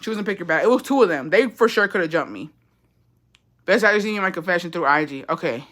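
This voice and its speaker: A woman's voice: on the low side, lively intonation, fast, fairly bright tone. A young woman from Texas telling a story on her livestream, blunt and heavy with swearing, dropping Spanish phrases in. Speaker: livestream host. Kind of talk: casual livestream chat, storytime. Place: indoors, livestream.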